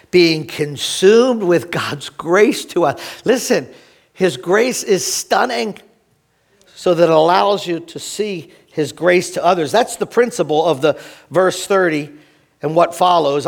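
A man preaching a sermon to his congregation, animated, swinging between emphatic points and hushed asides. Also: fairly high pitch, measured pace, creaky. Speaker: pastor.

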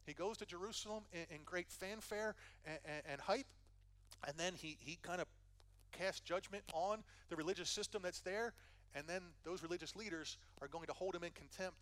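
A man's voice: a little high, fairly bright tone. Earnest man teaching a sermon. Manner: conversational, earnest, frequent restarts and "right?" asides. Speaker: pastor.

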